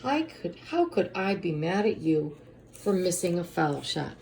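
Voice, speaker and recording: Woman voicing a gentle, hushed mother. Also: fairly low pitch, very animated, measured pace, vocal fry, faint music behind, exaggerated voice. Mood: tender. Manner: soft, hushed.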